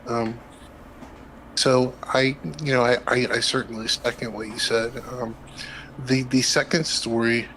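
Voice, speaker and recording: Hesitant guy on a call-in debate, pretty monotone, keeps restarting sentences. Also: medium pitch, a little slow, a little hiss or hum, low-quality recording. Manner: hesitant, many fillers and restarts. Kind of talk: casual debate.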